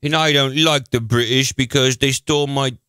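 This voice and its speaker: A man voicing a jokey fake Irishman in a deliberately bad mock accent. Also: mid-range voice, steady tone, pushed and bright, clean tone, dry recording, natural voice. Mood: goofy. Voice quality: exaggerated mock accent, singsong.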